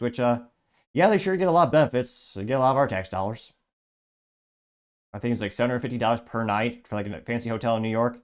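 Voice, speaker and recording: A man's voice: medium pitch, darkish tone. A man hosting a commentary show, reading social media posts aloud and adding rambling, sarcastic remarks. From Illinois. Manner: rambling, sarcastic, frequent restarts. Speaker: show host.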